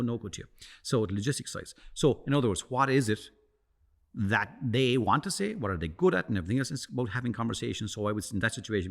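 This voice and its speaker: Guy talking fast, gravelly low voice, keeps restarting his sentences. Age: middle-aged. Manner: animated, acts out quoted voices; repeats and restarts words. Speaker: guest, communications coach. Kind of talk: casual interview chat.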